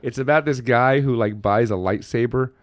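A man co-hosting a podcast in casual chat, excitable and profane. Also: mid-range voice, normal speed, no echo, studio quality. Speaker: podcast co-host.

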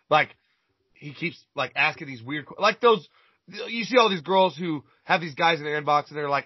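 A man's voice: on the high side, normal speed, slightly rough, no echo. A man chatting casually, telling a rambling, profanity-laden story and stumbling over repeated words. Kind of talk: casual chat, crude storytelling. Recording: dull lo-fi recording.

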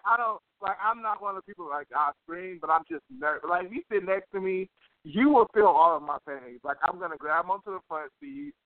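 A man co-hosting a podcast in casual chat, animated and profane, filling every pause with "like". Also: fairly high pitch, no room sound. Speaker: podcast co-host. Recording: dry, tinny phone-like sound.

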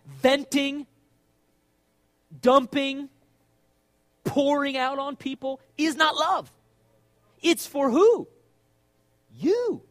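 A man's voice: very high voice, very animated, measured pace, pauses often, fairly bright tone, dry recording. A middle-aged man, a pastor, preaching an emphatic sermon and acting out quoted voices.

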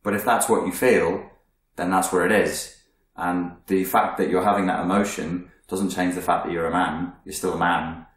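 A man's voice: deep voice, steady tone, moderate pace. A man coaching listeners on their emotions in a blunt, profane, emphatic self-help monologue. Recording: very echoey room.

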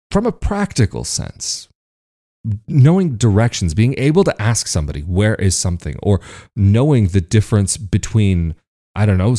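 A man's voice: deep voice, mellow. A man from the United States talking casually to camera as a video host, chatty and often laughing between points.

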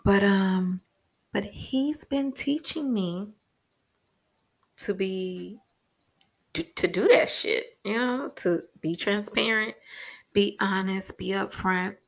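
A woman's voice: mid-range voice, slow pace, creaky, long pauses. A woman talking frankly in a rambling personal vlog about parenting and communication, swearing casually. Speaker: parent vlogger.

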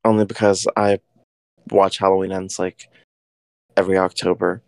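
Low-voiced man, dry close sound. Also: little pitch movement, moderate pace, vocal fry, no echo. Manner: brief, agreeable interjections. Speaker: podcast co-host. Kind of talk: casual chat.

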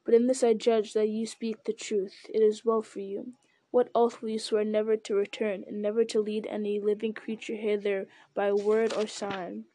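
A woman voicing a stern, just male captain who speaks in a measured, formal way. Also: mid-range voice, level tone, dark tone, dry recording, close to an everyday voice.

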